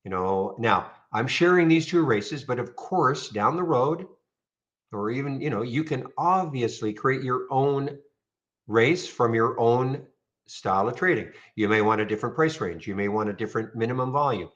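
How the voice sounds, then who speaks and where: A man casually walking viewers through trading software on a screen share, rambling and checking in with "okay?". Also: mid-range voice, expressive, moderate pace, muffled recording. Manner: rambling, frequent restarts and "okay?" check-ins.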